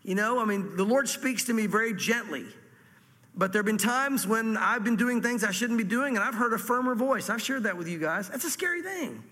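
A man preaching a sermon in church, reading scripture slowly and explaining it in a plain, earnest way. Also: sits high, lively intonation, pushed and bright, big-room sound. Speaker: pastor.

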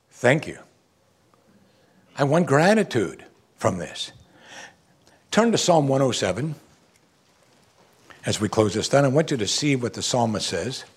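A man preaching a sermon, swinging from quiet low asides to loud emphatic exclamations. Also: breathy edge. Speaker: pastor.

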